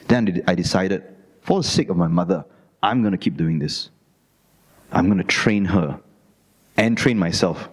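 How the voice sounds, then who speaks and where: A middle-aged man with a Malaysian English accent tells a Dhamma story in a low voice. His delivery is lively and self-mocking, swinging widely in pitch. A long reverb from the hall trails his words. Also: normal speed. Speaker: Dhamma speaker. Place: Buddhist society hall.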